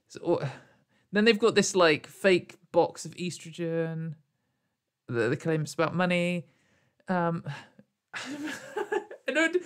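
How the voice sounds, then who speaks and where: A woman's voice: medium pitch, fairly bright tone. A young woman YouTuber talking sarcastically to camera in a casual commentary, rambling with many fillers and frequent laughs. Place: at home in front of a camera.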